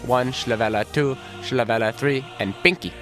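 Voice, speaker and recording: A man's voice: mid-range voice, moderate pace, over music, close to an everyday voice. A man putting on a fake Russian accent as a clueless Soviet co-anchor who keeps asking baffled questions in broken English. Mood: baffled eager. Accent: put-on Russian. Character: clueless Soviet male co-anchor, eager and puzzled.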